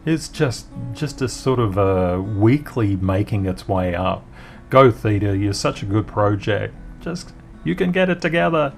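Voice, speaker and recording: Upbeat low-voiced man reviewing charts. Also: a little mellow. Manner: upbeat, encouraging, talks to the charts. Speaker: crypto market analyst host. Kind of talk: chart walkthrough commentary.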